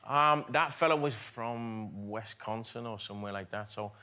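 A man's voice: on the low side, moderate pace, sharp tone. A man with a Liverpool accent, a guest on a TV chat show, telling stories with frequent laughs. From England. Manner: laughing storyteller, self-deprecating. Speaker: actor guest. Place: TV studio with audience.

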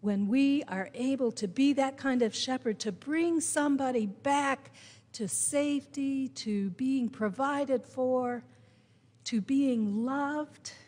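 A woman preaching with a Midwestern American accent, her voice sitting a little high. She tells her story slowly and deliberately, leaning into key words. The sound carries the long reverb of a church sanctuary. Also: a little mellow. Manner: storytelling, slow and deliberate with emphatic rises. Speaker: pastor. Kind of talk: sermon.

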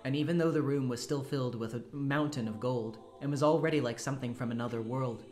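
A reader narrating a visual novel aloud on a live stream, steady and unhurried with small slips. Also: mid-range voice, a little hiss or hum. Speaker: story reader.

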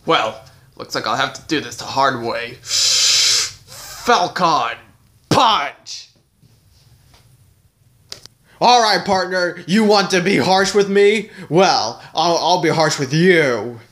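A man's voice: fairly high pitch, expressive, takes it slowly, pushed and bright, heavily acted. A man voicing a rowdy, hard-drinking old cowboy toy in a puppet show, with a stammering drawl. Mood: boastful. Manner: drawling, stammers "ch-ch-chewy boy".

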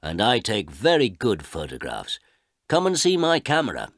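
Boastful photographer, bossy and slow, lively pitch swings, dry close sound, read by a man. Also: dry recording. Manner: slow, self-important and impatient. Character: proud, bossy male photographer in a poor town. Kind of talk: audiobook character voice.

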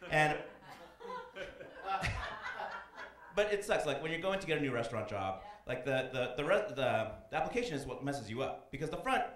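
A man in his thirties performing a stand-up comedy set on a club stage, animated and slipping into loud voices for his characters. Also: mid-range voice, normal speed, long pauses. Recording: echoey club room.

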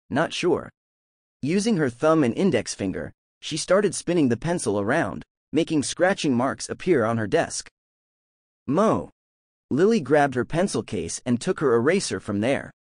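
A man reading a novel aloud as an audiobook narrator, in a lively storytelling manner. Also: medium pitch, dry recording, clean studio sound.

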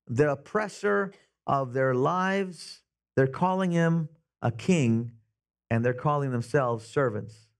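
A man pastor preaching a sermon in a church, telling Bible stories with animated voices for the characters. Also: medium pitch, creaky. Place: church sanctuary.

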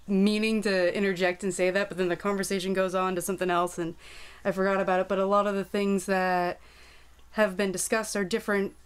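A woman's voice: mid-range voice, little pitch movement, brisk, clean tone. A woman joining a casual discussion, explaining a point thoughtfully. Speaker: group member in discussion.

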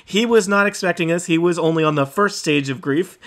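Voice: mid-range voice, a little fast, background noise. A game master running a tabletop game, narrating the action with a dry, wry wit.

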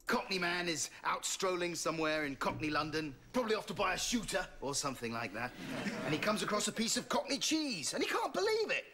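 A man's voice: high-pitched, sing-song, fairly quick, crowd noise. A jittery ad account man. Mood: bluffing. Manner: flustered, giggly, anxious bravado. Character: nervous overeager male ad account man. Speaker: sitcom character. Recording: TV sitcom audio with loud noise.

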